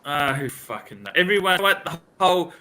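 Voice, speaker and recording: A man's voice: a little high, big pitch swings, normal speed, bright, forceful tone, a little hiss or hum. A man hosting a livestream in casual chat, rambling and ranting with plenty of swearing. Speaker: livestream host.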